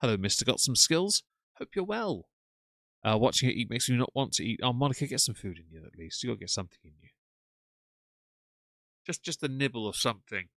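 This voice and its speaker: A man's voice: medium pitch, fast talker, a bit bright, no echo. A man hosting a live stream, commenting in a sarcastic, mocking way.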